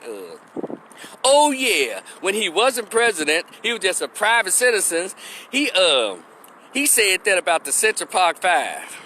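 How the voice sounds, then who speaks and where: Blunt, cursing man ranting, bright voice. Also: high voice, wildly swooping pitch, unhurried, slight background noise. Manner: blunt, profane, emphatic, laughs scornfully. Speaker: opinion vlogger. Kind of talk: profane political rant.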